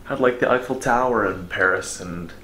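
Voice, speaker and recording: A man's voice: lowish voice, moderate pace, sharp tone, echoey room, a little hiss or hum. A young man in his twenties chatting casually and upbeat as a fitness vlogger, walking through his apartment. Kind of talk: casual vlog chat. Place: apartment at home.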